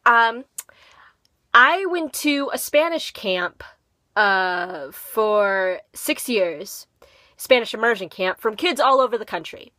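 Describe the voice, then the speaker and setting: Teen girl, faint Minnesotan accent, chatty rambling vlogger, very bright tone. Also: a little high, lively intonation, takes it slowly, dry recording. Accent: slight Minnesotan. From Minnesota, USA. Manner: rambling, filler-heavy, chatty. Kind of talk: casual talking-to-camera vlog.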